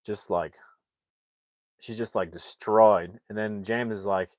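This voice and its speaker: A man with a fairly low voice walks through a film's plot in a loose, rambling way, packing in fillers. The sound is dry and close, with no room behind him. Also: fairly even intonation, slow, darkish tone, dry recording. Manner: rambling, filler-heavy, acts out quotes. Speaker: movie reviewer. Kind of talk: casual plot retelling.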